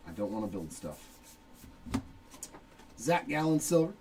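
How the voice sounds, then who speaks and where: A middle-aged man runs a live card break in a sing-song, lowish, darkish voice at a measured pace, casually joking and announcing cards as he pulls them. He's far from the mic and slightly off it, and the recording is rough with faint background noise.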